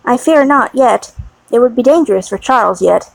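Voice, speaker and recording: A woman voicing a gentle elderly father, a doctor, calm and soothing, in an audiobook reading. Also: fairly high pitch, moderate pace, gravelly, dry recording, low-quality recording.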